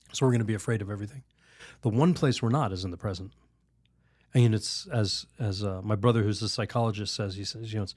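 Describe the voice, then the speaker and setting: Animated storytelling priest, dry sound. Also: male voice, fairly low pitch, dry recording. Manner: animated, laughs while telling stories; rambling restarts, many "you know"s. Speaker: Catholic priest, podcast guest. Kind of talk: conversational storytelling and teaching.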